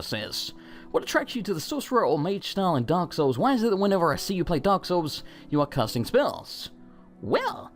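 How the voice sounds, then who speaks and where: A young man hosting a viewer Q&A, reading out questions and rambling through loose, profane, self-mocking answers. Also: on the high side. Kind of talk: casual Q&A with gameplay in background.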